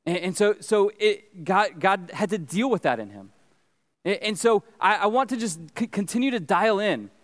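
A man's voice: sits high, animated, moderate pace. A man preaching a sermon as pastor, earnest and conversational, often restarting his words. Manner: earnest, conversational, frequent restarts and stammered repeats. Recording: long reverb of a large hall.

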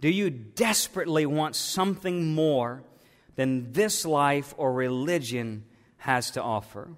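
A man's voice: fairly high pitch, animated, measured pace. Impassioned man preaching in a hall. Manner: impassioned preaching, pleading and emphatic. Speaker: pastor. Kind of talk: sermon.

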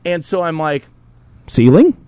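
Profane fifty-something man telling animated stories. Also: on the high side, moderate pace, no echo. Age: 50s. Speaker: podcast co-host. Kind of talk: casual podcast banter.

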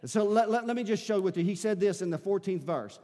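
A man's voice: high voice, animated, brisk, warm tone. A man preaching a sermon as pastor, building emphasis with repeated calls to his congregation. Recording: long hall reverb.

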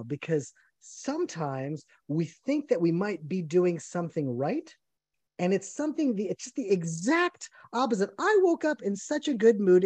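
A man teaching the Bible in a live online gathering, leading into his point with lively, chatty storytelling. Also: sits high, no room sound.

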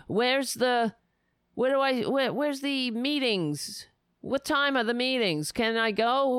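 A woman pours out fierce, sarcastic political commentary, her voice set fairly high and sounding smooth and clear. She rants with heat and profanity, now and then jumping into sudden loud bursts. The recording is close and dry. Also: no echo.

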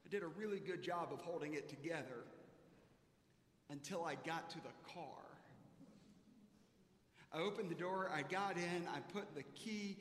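A man's voice: on the high side, moderate pace, long pauses, fairly bright tone, a little hiss or hum. A man preaching a sermon as a pastor, telling a self-mocking personal story. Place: church sanctuary. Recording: echoey church hall.

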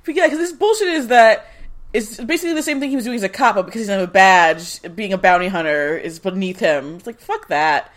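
A woman's voice: medium pitch, a little fast. A woman co-hosting a casual podcast, adding dry, blunt asides and the odd swear word. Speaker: podcast co-host. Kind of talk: casual chat.

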